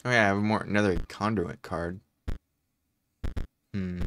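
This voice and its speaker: A young man casually commentating his own gameplay, reading card text aloud with excitable reactions. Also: deep voice, measured pace, a little hiss or hum. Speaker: gaming let's-play host.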